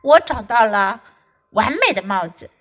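A woman's voice: fairly high pitch, a little slow, rough recording. A woman with an American English accent reading a children's story aloud and explaining it like an English teacher. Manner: expressive, lively storyteller.

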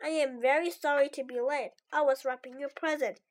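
A woman voicing a polite, calm male frog in a storybook read-aloud. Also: high voice, a little fast, close to an everyday voice. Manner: polite, apologetic.

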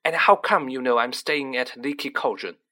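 A man's voice: mid-range voice, moderate pace, bright, forceful tone, lightly acted. A man voicing a modest, earnest teenage boy wizard who talks plainly and a little sheepishly.

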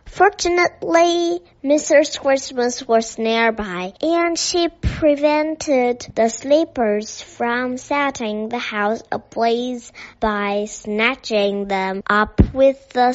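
Female storyteller, native Chinese speaker, slow careful English read-aloud, high voice. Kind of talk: reading a children's story aloud. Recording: dull lo-fi recording.

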